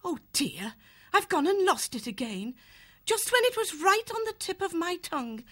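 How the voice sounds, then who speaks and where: A man's voice: very high-pitched, big pitch swings, normal speed, sharp tone, voice pushed up, full character voice. A man voicing a fussy, scolding harvest mouse mother in a storybook reading. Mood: flustered.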